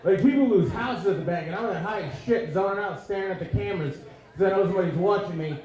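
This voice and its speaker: A man doing stand-up comedy, with a profane rant style and shouted bursts, acting out dialogue. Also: sits high, quick pace. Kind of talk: stand-up set. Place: comedy club stage. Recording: echoey club with crowd laughter. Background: audience laughing.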